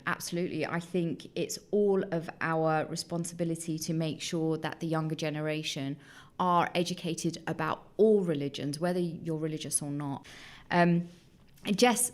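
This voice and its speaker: A woman from Iran hosting a podcast, chatting casually and putting questions to her guests. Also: deep voice. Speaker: podcast host. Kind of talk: casual chat.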